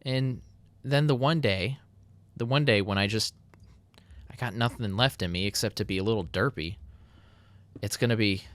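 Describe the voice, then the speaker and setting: A Minecraft YouTuber casually narrates his building game, chatty and poking fun at himself. His voice is on the low side, a bit bright, and moves at a moderate pace.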